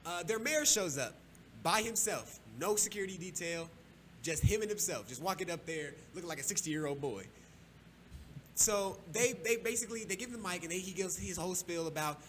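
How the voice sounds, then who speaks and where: A man's voice: high voice, expressive, a little fast, fairly bright tone, a little hiss or hum. A man hosting a casual podcast, telling a story in a loose, profane way and laughing often. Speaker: podcast host.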